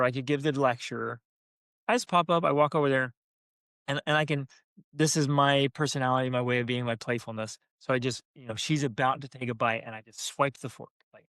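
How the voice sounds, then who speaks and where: A man co-hosting a parenting talk, telling a family story in a lively, playful way. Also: medium pitch, fairly quick, smooth, no room sound, studio quality. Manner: animated, acts out family voices. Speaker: parenting podcast co-host. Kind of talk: casual storytelling.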